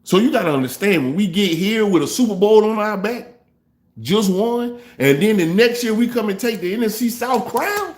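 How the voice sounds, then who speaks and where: A man hosting a fan reaction show, trash-talking rival fans in a loose, animated way. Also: sits high, moderate pace. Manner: trash-talking, animated, African American Vernacular English grammar. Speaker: sports fan show host.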